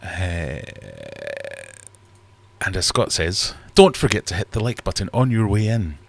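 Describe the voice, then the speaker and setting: A man's voice: sits low, expressive, measured pace, no echo. A man hosting a casual livestream from his fish room, rambling and self-deprecating as he reads chat aloud. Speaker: livestream host.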